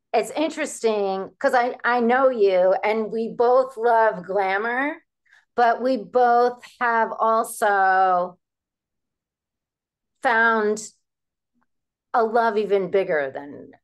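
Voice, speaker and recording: A woman's voice: a little high, extremely slow, long pauses, smooth. A woman interviewing a guest in casual chat, playful and friendly.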